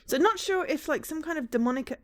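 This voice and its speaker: A woman streamer giving chatty, animated let's-play commentary and reading game text aloud. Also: high voice, fairly quick. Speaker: streamer playing a visual novel.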